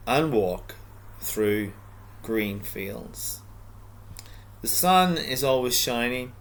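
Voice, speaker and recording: A middle-aged man reading his own story aloud in a relaxed, reflective way, stopping often for rambling asides and restarts. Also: medium pitch.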